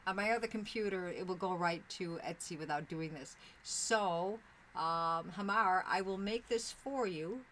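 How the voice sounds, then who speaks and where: A woman's voice: lowish voice, measured pace, a bit bright, a little hiss or hum, rough recording. An older woman chatting casually with viewers on a live stream from her sewing room, rambling with fillers and restarts.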